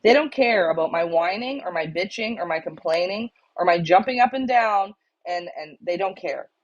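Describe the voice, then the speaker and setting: A woman's voice: lowish voice, lively intonation, moderate pace. Blunt, exasperated woman on lo-fi audio. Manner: blunt, exasperated, repeats points for emphasis. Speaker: co-host of a pigeon auction club show. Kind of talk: casual live-stream chat to club members. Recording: dull, lo-fi stream audio.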